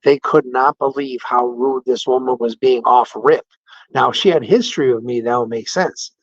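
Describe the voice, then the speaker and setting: A man casually telling an animated, indignant story about a care-facility visit, quoting the people involved. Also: mid-range voice, normal speed, no echo. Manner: animated, indignant retelling with quoted dialogue. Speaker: podcast host. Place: patient room in a care facility. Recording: dull, dry lo-fi audio.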